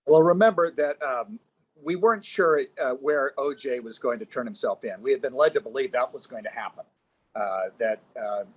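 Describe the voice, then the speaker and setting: A man who is a former television news reporter, telling a story as a guest in a halting, reflective way. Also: medium pitch, husky. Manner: halting, recollecting, pausing to find words. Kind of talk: casual anecdotal storytelling.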